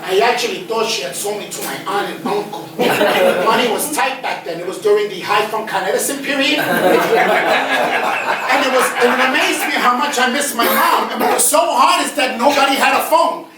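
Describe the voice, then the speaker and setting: A man with a Bronx New York accent telling a comic stage monologue, animated and profane. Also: extremely high pitch, normal speed. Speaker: stage performer. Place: theater stage before an audience. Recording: echoey theater, distant mic, audience noise.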